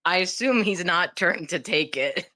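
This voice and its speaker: A woman's voice: lowish voice, expressive, a little slow, pushed and bright. A woman playing a tabletop game who speaks in a wry, playful way and laughs often. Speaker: player.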